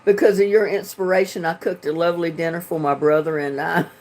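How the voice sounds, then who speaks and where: A woman's voice: on the low side, steady tone, brisk, darkish tone. A woman from North Carolina with a Southern drawl, chatting casually and laughing often as she reads comments on her livestream from home. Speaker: livestream host reading chat. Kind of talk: casual live chat. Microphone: computer webcam mic.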